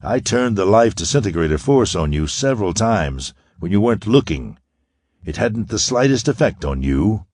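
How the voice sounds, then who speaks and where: A man voicing a suave, gloating half-Martian villain who speaks with soft, ironical menace in an audiobook. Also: on the low side, sing-song, normal speed, no room sound, studio quality. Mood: mocking.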